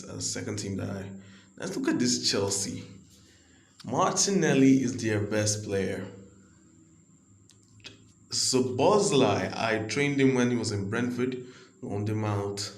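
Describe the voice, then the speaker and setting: Nigerian guy rambling over a football game, lowish voice, roomy echo. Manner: chatty, rambling, quick to get excited. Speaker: gaming video creator. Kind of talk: casual gameplay commentary.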